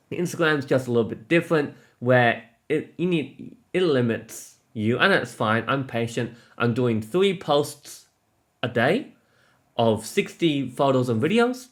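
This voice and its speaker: A man vlogging about a trip, gushing and out of breath, restarting his sentences often. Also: medium pitch. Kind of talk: excited travel vlog.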